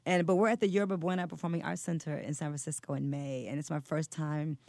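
A middle-aged woman poet from Detroit, chatting in an interview and telling lively stories, acting out what people said. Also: low-pitched, fast, creaky, dry recording, clean studio sound. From Detroit, USA. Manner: animated storyteller, acts out quotes, laughs often. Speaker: poet and guest. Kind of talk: casual interview chat.

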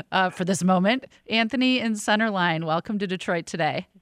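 A woman hosting a radio talk show, announcing the station and bringing on callers in a brisk, friendly way. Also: mid-range voice, animated, a bit bright, slight background noise. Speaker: radio host. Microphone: studio microphone.

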